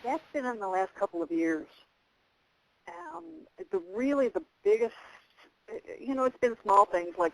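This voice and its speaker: A woman's voice: medium pitch, animated, normal speed, no echo, rough recording. A middle-aged woman, a psychic medium guest, telling a story in casual, rambling chat full of fillers and restarts. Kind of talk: casual storytelling on a radio interview.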